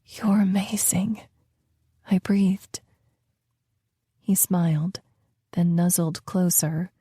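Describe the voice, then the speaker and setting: A young woman narrating a romance audiobook in the first person, slow and tender, at times near a whisper. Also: lowish voice, mellow, dry recording, studio quality.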